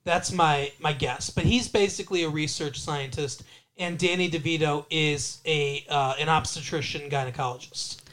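High-voiced playful man rambling. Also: normal speed, a bit bright. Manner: playful, rambling, breaks into bits of funny voices. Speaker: podcast co-host. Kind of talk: casual movie-review banter.

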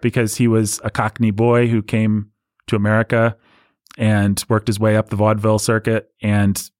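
A man's voice: on the low side, monotone, moderate pace, a little mellow, no room sound, clean studio sound. A man hosting a casual film discussion, explaining at length with many restarts. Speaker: podcast host.

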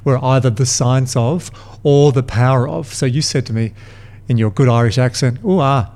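A man hosting a podcast, talking in an upbeat, chatty and energetic way. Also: mid-range voice, moderate pace. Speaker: podcast host. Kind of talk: podcast conversation. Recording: faint music behind.

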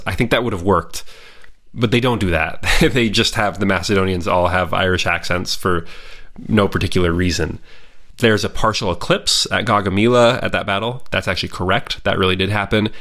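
A man with a lowish voice talks through a historical film in an easy, unscripted way. He sounds opinionated and chatty, often restarting his sentences and adding small asides as he goes. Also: moderate pace, fairly bright tone. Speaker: history commentator. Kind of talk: casual spoken review.

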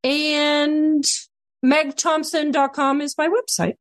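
A woman's voice: sits high, flat delivery, slow pace, dry recording. A woman guest on a casual podcast interview, talking animatedly about parenting and acting out dialogue with her son. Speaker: guest, behavior consultant.

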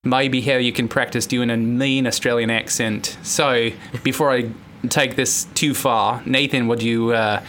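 A man's voice: medium pitch, steady tone, unhurried, fairly bright tone, a little hiss or hum. An American man hosting a podcast as a counselor, chatting casually, joking and laughing at himself. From United States. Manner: joking, self-mocking, laughs often.

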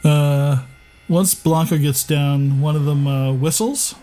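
A man running a tabletop game as game master, narrating in a halting way with many pauses. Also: on the high side, fairly even intonation, warm tone, low-quality recording.

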